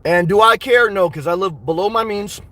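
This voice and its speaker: A very high-pitched man talks loosely and crudely to his live-stream viewers, reading their comments aloud and laughing often. The sound is close and dry, with no room around it. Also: moderate pace, bright, forceful tone, no room sound. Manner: rambling, joking, reads out chat comments. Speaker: livestream host.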